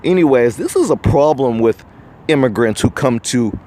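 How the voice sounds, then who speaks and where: A man's voice: medium pitch, lively intonation, moderate pace, warm tone. An American man hosting a podcast, giving a preachy, indignant opinion monologue to the viewer. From United States. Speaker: podcast host.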